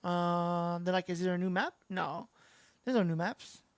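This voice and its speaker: A woman's voice: on the low side, unhurried, dry recording. Chatty woman streaming a game. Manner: chatty, reacts aloud to the match. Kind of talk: casual livestream commentary.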